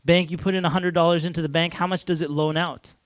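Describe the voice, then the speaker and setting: A man's voice: on the high side, fairly even intonation, quick pace, dry recording. Chatty man lecturing, dry close sound. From Canada. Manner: conversational, full of "like" and restarts, chuckles often. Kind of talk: casual lecture to a class.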